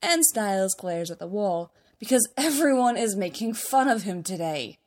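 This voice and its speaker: Woman narrator, fan fiction reading, wry, expressive, medium pitch. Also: moderate pace.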